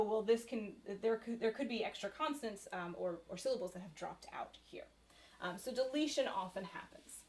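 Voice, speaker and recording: A woman giving a recorded university lecture in a conversational way, with frequent fillers and "right?" tag questions. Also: a little high.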